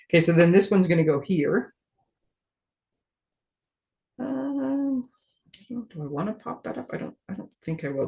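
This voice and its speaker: A woman's voice: sits low, dark tone. Chatty woman demonstrating card making. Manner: chatty, thinks aloud while working, self-deprecating. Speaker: paper crafting demonstrator. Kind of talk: casual live crafting demo.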